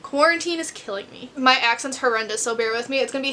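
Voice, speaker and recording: Young American woman for a casual home book vlog; high, bright, chatty and rambling, pokes fun at herself. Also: quick pace, hardly any pauses. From United States. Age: 20s. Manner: rambling, chatty, self-deprecating. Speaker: book vlogger. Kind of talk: casual chat to camera.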